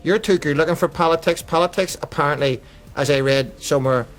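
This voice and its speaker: A man's voice: on the high side, brisk, soft background music. A man hosting a comic radio show, teasing his guest in a cheeky, childish way.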